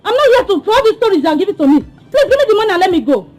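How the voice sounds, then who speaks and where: A woman's voice: very high-pitched, big pitch swings, very fast, darkish tone, soft background music. An actress with a Nigerian accent playing an impatient young woman who scolds and demands money owed to her father. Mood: impatient demanding. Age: young adult. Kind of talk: Nollywood film acting. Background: film score.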